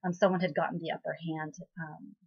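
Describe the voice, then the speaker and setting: A woman's voice: sits low, little pitch movement, brisk, creaky, background noise. A woman hosting a casual spoken recap of a drama episode, chatty and full of fillers and asides. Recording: slightly muffled lo-fi recording.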